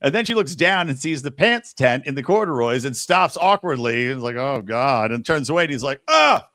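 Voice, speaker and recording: A man with a higher voice and a very lively, bouncing pitch retells a TV episode, jumping into the characters' voices as he goes. The sound is close and dry. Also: fairly quick, no echo. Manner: animated storytelling, acting out characters' lines. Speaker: podcast host. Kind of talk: casual chat recapping a TV episode.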